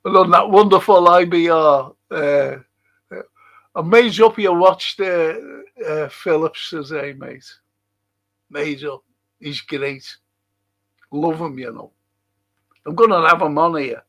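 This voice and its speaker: A man's voice: fairly high pitch, slow, pauses often, fairly bright tone. A man hosting a casual late-night livestream in a rambling, sweary way and chuckling to himself, speaking into a computer mic at a desk. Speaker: livestream host.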